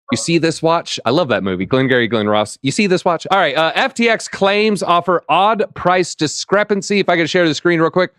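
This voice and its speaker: A man hosting a live crypto talk show, upbeat and reading out chat shout-outs. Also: on the high side, clear, resonant tone, dry recording, clean studio sound. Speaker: show host.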